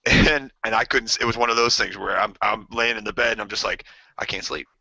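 Gravelly, bright-toned man telling stories. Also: on the low side, quick pace, dry recording. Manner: animated storyteller, acts out voices. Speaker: podcast co-host. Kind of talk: casual chat. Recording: dull lo-fi podcast audio.

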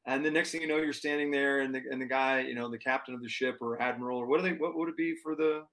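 A man telling a story in casual chat, animated and full of fillers and restarts. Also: mid-range voice, fast. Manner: animated, lots of fillers and restarts, acts out quotes. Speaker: touring performer guest.

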